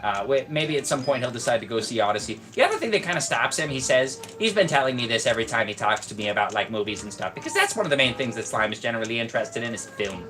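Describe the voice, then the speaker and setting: A man chats loosely on a live stream, trailing off and joking in a deadpan way. His pitch moves about a lot as he talks. Faint music sits in the background. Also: quick pace, few pauses. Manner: rambling, deadpan joking, lots of fillers. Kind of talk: casual rambling stream chat.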